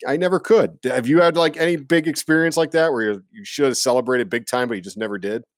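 A man from Iowa in casual sports chat, rambling with lots of fillers and breaking into goofy high voices when quoting people. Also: quick pace, dry recording.

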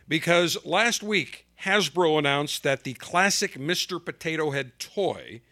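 A man hosting his own talk show, delivering punchy, indignant commentary in a fairly high voice with a bright, forceful edge. His pitch swings widely and his delivery stays emphatic throughout. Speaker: podcast host. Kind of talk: opinionated commentary.

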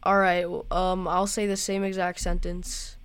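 Smooth-voiced playful woman interviewer. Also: lowish voice, level tone, normal speed, dry recording. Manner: playful, giggly, many fillers. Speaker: podcast interviewer. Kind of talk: casual chat.

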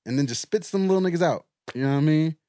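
A man trading crude jokes on a podcast. His pitch swings widely as he tells the story. The sound is dry and close. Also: lively intonation, fast talker, warm tone, no room sound. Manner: crude joking, laughing, slangy storytelling. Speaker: podcast co-host. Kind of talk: casual chat.

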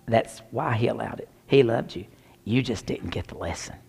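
A man's voice: mid-range voice, normal speed, gravelly, husky. A man preaching a sermon, telling a personal story with dramatic shifts down to near whispers. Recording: long hall reverb.

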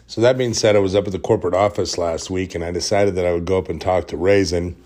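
A man hosting a podcast, telling a deadpan workplace story in a casual, joking way and dropping into whispers to act out the scenes. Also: deep voice, fast talker. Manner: deadpan, joking storyteller who drops into whispers when retelling. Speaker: podcast host.

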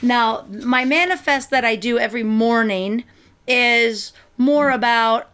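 A middle-aged woman chats casually on a show, her voice smooth and clear and sitting a little high. She reads lines briskly and restarts her sentences now and then. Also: fairly bright tone. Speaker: speaker and podcast co-host. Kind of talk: casual conversation and reading aloud.

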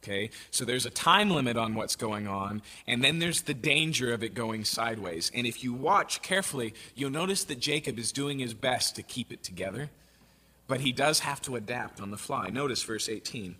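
Bright, husky-voiced man preaching. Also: medium pitch, expressive, moderate pace. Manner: conversational, checks in with "okay?". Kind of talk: sermon with scripture reading.

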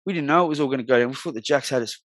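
A man's voice: mid-range voice, rapid-fire, a bit bright, no room sound. An Australian man in his forties, a guest telling his life story bluntly in slangy, swear-heavy talk. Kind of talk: candid storytelling in a podcast interview.

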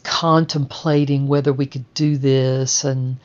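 A woman's voice: rumbling low, little pitch movement, slow, a little mellow, muffled recording. A woman telling a personal memoir story in a rambling, conversational way, full of "and so" and "you know".

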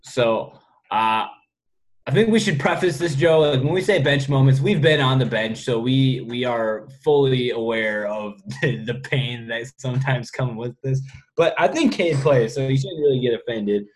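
A young man co-hosting a sports podcast, telling self-mocking stories in a relaxed, chatty way. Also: medium pitch, normal speed, rough recording. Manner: easygoing, self-mocking, laughs through stories. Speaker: podcast co-host. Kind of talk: casual sports chat.

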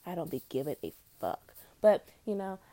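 A young woman hosting a podcast, rambling in a blunt, profane, scattered way while high. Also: sing-song, moderate pace, mellow, no echo. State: high on weed. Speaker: podcast host. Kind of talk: casual rambling monologue.

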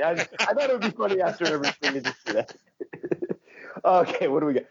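A man talks as a guest on a podcast in a relaxed, joking way, poking fun at himself. His voice is a little husky, and the recording sounds somewhat dull and lo-fi. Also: fairly high pitch, quick pace. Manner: joking, relaxed, self-deprecating. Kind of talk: casual podcast chat.

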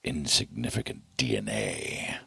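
A man putting on a slow, deep, gravelly voice as a hungover guy. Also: lively intonation, pushed and bright, no echo, full character voice. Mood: groggy. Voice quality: gravelly, husky.

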